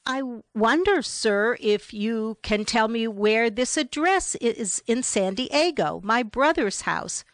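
Woman voicing a halting, overly polite stranger. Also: a little high, animated, no room sound, studio quality. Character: short foreign man, polite and ingratiating.

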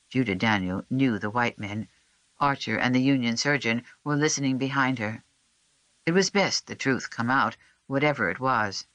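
Audiobook narrator, even measured delivery, dry studio sound. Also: mid-range voice, dry recording. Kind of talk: scripted narration.

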